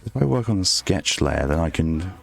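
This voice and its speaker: A man streaming his art, talking softly in an ASMR-style murmur right on a close microphone, rambling to himself as he draws. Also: deep voice, expressive, moderate pace, gravelly. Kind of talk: soft ASMR-style stream chat while drawing. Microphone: very close desk microphone. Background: faint background music.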